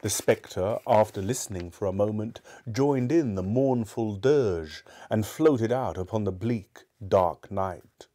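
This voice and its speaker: A man narrating a classic novel aloud in a measured, expressive way. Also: lowish voice.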